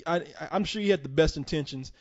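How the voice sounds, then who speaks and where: A man hosts a casual podcast, talking fast in a high voice as he rants heatedly and swears freely. The audio is dull and lo-fi. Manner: heated, profane ranting. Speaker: podcast host.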